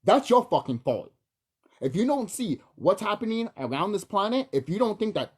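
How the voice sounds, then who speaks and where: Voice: mid-range voice, very animated, moderate pace, slightly rough. A young adult video blogger ranting heatedly to the camera, swearing a lot and mocking the people they address. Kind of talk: profane angry rant to camera.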